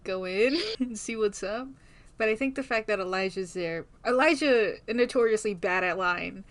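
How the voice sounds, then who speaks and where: A woman's voice: medium pitch, normal speed. A woman chatting and laughing as a player in a tabletop game. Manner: giggly, animated, profane. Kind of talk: casual tabletop play.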